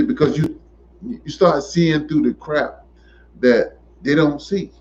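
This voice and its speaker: A man in an impassioned monologue, preachy and emphatic, repeating himself and rising to near shouts. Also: on the high side, slow, slight background noise. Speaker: commentator. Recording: dull lo-fi recording.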